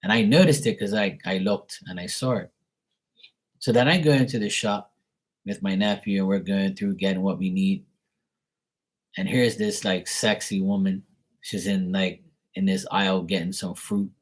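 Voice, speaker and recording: A man with a somewhat low voice tells a story in a loose, rambling way. He talks like a live tarot reader chatting to viewers, and his speech is slangy and packed with "like" and "you know". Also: fairly even intonation, moderate pace, low-quality recording. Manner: rambling, slangy, heavy use of "like". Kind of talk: casual storytelling.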